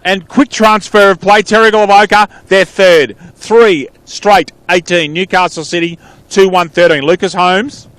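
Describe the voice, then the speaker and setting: A man with an Australian accent calls a local footy match, his voice sitting a little higher than most men's. The sound is dry and close, with little room around it. He talks in quick bursts and trails off into chatty asides. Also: fairly even intonation, fairly bright tone, clean tone, no echo. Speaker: play-by-play commentator. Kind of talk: live football commentary.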